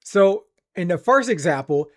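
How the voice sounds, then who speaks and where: Guy hosting a language learning vlog, kinda high voice, earnest and keen. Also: animated, moderate pace. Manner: earnest, enthusiastic recommending and explaining. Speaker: language-learning channel host. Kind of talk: casual explanatory vlog.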